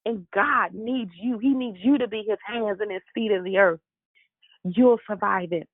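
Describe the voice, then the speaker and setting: A woman's voice: mid-range voice, moderate pace, dry recording. A woman preacher delivering a devotional sermon with fervent, repetitive exhortation. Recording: tinny dry phone line.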